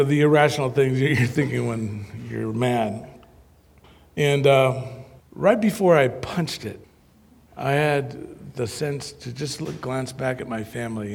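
A man preaching through a humorous personal story, animated and self-mocking. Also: medium pitch, vocal fry, big-room sound.

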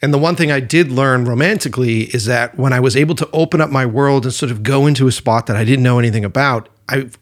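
A man's voice: medium pitch, fast talker, hardly any pauses. Casual, swearing man telling a story. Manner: loose, swears freely, animated retelling. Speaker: podcast co-host.

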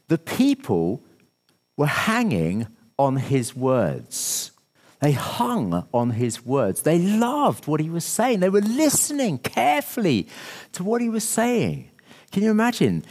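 A man preaching a sermon as pastor, animated, asking the congregation rhetorical questions and acting out little scenes. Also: fairly high pitch, in a large hall.

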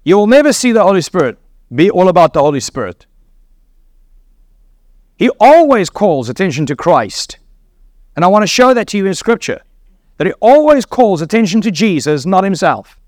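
A man delivers a sermon in a fairly high voice, teaching earnestly and posing rhetorical questions to his listeners. The sound is dry and close, with no room echo. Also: very animated, moderate pace, long pauses, darkish tone. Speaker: preacher.

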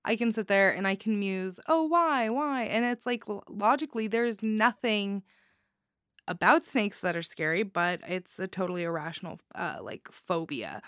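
A woman's voice: medium pitch, fairly bright tone, no echo, clean studio sound. A young woman hosting a story show, chatting about each story with giddy enthusiasm, laughing often and using lots of fillers. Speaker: host reviewing listener-submitted stories. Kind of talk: casual commentary on stories.

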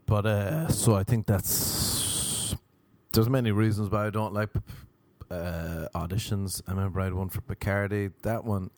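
A young Irish man doing stand-up storytelling, animated and quick to act out other people's voices. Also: fairly low pitch, no room sound. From Ireland. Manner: animated, acts out voices in quotes. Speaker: comedian.

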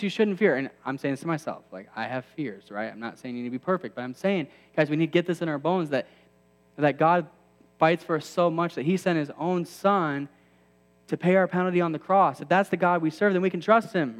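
A man's voice: a little high, a little fast, long reverb tail. A man in his thirties preaching a sermon to a campus ministry, conversational with self-deprecating asides that build to emphatic peaks.

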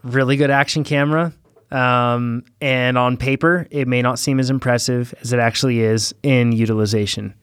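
A man's voice: mid-range voice, fairly even intonation, moderate pace, clear, resonant tone, dry recording, clean studio sound. A man co-hosting a podcast in casual chat. He jokes, often hesitates and restarts his sentences. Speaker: podcast co-host.

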